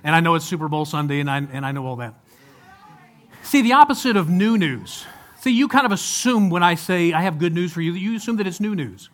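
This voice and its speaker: A man's voice: fairly high pitch, a little fast, a bit bright. A man preaching a sermon in a conversational way, often turning to the congregation with rhetorical questions. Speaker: pastor.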